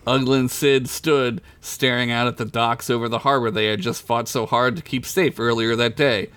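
Male podcast storyteller, casual read-aloud, mid-pitched, chuckles through his narration. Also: fairly even intonation, normal speed, fairly bright tone, clear, resonant tone, no echo. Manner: casual, laughs into his own lines. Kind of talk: reading his own comic story aloud.

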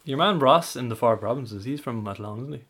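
Measured Irish man reading poll results. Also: mid-range voice, expressive, a bit bright, slight background noise. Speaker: podcast co-host. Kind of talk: casual chat.

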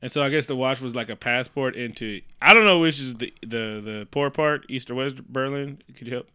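A man talks loosely about a movie with a co-host, cursing often and jumping into mocking character voices. His tone is bright and forceful. The recording is dry and close. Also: mid-range voice, brisk, smooth, no echo. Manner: profane, animated, does mocking voices of characters. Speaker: podcast co-host. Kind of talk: casual movie review chat.

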